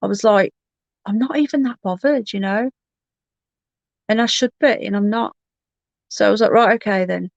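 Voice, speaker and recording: A woman's voice: medium pitch, moderate pace, creaky, long pauses, no room sound, muffled recording. A woman hosting a livestream, telling a personal story in a candid, rambling way with frequent restarts. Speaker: livestream host.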